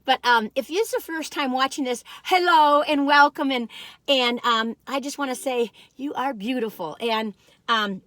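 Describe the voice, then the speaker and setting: Folksy woman vlogger, fairly high voice, chatty and homespun, dry close recording. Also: normal speed, no room sound. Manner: folksy, warm-hearted, says "you all" often. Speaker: food review vlogger. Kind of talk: chatty cookie taste-test vlog.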